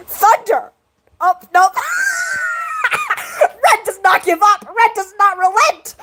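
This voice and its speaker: Very high-pitched excitable girl streamer. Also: a little slow, shouting, background noise. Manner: excitable, laughing, scolding chat playfully. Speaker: livestreamer. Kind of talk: casual livestream chat.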